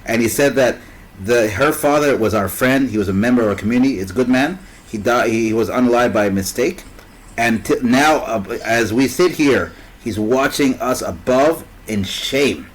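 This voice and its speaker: A man spins a long, winding story in casual chat. He often pauses to hunt for a word and slips into the voices of the people he describes. His voice sits at an ordinary mid pitch. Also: rough recording. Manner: rambling, fills gaps with "what's it called".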